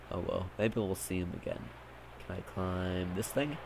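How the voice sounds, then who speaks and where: A man's voice: low-pitched, lively intonation, fairly quick, vocal fry, slight background noise. A young man making goofy let's-play commentary, full of silly nonsense words and sudden outbursts. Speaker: gamer.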